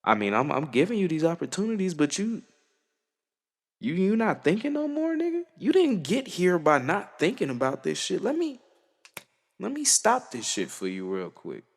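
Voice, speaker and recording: A man's voice: sits high, wildly swooping pitch, moderate pace, vocal fry, in a large hall, pitched above the performer's own voice, exaggerated voice. A man putting on the voice of a stern, mocking God.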